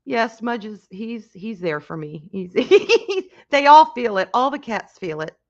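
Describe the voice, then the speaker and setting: A woman hosting a casual livestream, talking in a halting, emotional way with many restarts and reading out chat comments. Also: a little high, sing-song, lo-fi sound. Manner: reads and answers chat comments. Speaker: livestream host.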